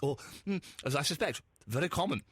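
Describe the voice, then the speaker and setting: A man hosting a comic radio phone-in, bantering in a lively way with mock-posh turns and swearing asides. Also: fairly high pitch, a little fast, breathy edge, dry recording, studio quality. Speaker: radio host. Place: radio studio.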